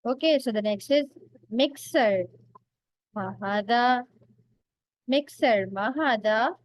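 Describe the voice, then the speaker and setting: A woman teacher running a vocabulary quiz, asking questions and praising answers in a slow, drawn-out, patient way. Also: on the high side. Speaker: language teacher.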